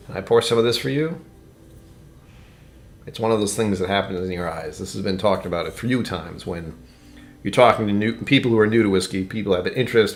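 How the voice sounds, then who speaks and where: Man in his own home stream setup, lowish voice, loose rambling chat, jokey asides. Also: a bit bright, slight background noise. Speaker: whiskey tasting streamer. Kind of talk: casual live-stream chat.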